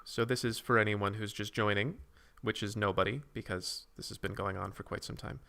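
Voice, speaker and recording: A man's voice: fairly low pitch, fairly even intonation, brisk, creaky, sharp tone. A man hosting a casual livestream, rambling while he reads and answers viewers' comments and draws. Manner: drawing while talking. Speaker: streamer host.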